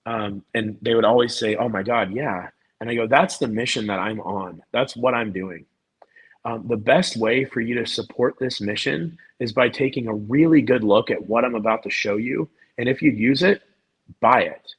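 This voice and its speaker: A man as a podcast guest, telling a story in a casual, animated way and often repeating and restarting words. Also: mid-range voice, normal speed, breathy edge, rough recording.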